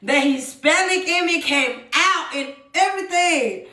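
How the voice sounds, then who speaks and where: A young woman hosts a live stream, telling a dramatic story in an animated, profane way and addressing her chat again and again. Her voice sits high and sounds bright and sharp. The room adds a noticeable echo. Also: measured pace. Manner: animated, swears freely, keeps addressing the chat. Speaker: livestream host.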